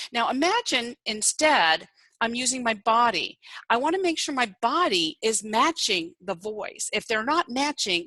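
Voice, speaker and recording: A woman giving an online presentation on communication styles, lively and demonstrative, varying her emphasis and pace. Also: fairly high pitch, dry recording, rough recording. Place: home setup on an online meeting.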